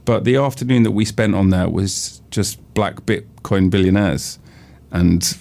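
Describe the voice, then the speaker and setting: A man with a British accent co-hosting a radio show, casual and jokey, quick to laugh. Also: deep voice, creaky, a little mellow. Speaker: podcast and radio co-host. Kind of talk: casual chat.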